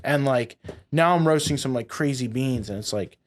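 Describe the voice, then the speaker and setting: An animated young man from Boston, USA, a company founder appearing as a guest, tells stories in a casual interview. His voice is medium-pitched and moderately paced, and he swears and acts out quotes as he goes.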